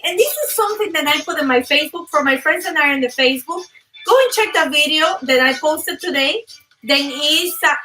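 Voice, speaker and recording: Bright high-voiced animated woman host. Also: distant mic, poor audio. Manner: animated, emphatic, laughs often. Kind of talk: live motivational talk show.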